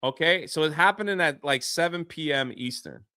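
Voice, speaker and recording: Bright, excitable male storyteller. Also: on the high side, moderate pace, clean tone, no echo, clean studio sound. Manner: excitable, swears mildly, acts out quotes. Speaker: podcast guest. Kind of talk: animated storytelling.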